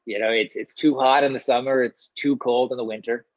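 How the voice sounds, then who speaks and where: A chatty actor from small-town Ontario, Canada, gives casual interview answers as a guest, animated and full of restarts and quick asides. His voice is medium-pitched, and the sound is dull, dry and lo-fi.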